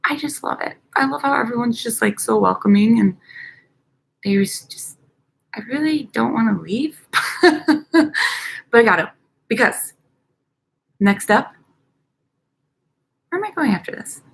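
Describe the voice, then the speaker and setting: A woman's voice: fairly high pitch, lively intonation, unhurried, gravelly, long pauses, a little hiss or hum. Young woman with a Chicago accent, casual vlog host; upbeat, rambling, giggly delivery, recorded outdoors at night. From United States. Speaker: dental hygienist vlogger.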